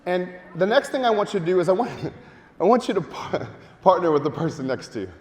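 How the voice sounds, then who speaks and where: A man giving a lively marketing seminar to a live audience, joking and urging the crowd to take part. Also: high-pitched, fairly quick. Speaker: speaker at a marketing event. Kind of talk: energetic live seminar talk. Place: large hall with audience. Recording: long hall reverb.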